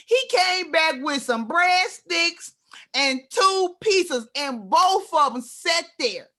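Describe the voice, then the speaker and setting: Bright-voiced laughing woman host. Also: very high-pitched, takes it slowly. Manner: laughing, animated storytelling. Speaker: podcast host. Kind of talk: casual chat.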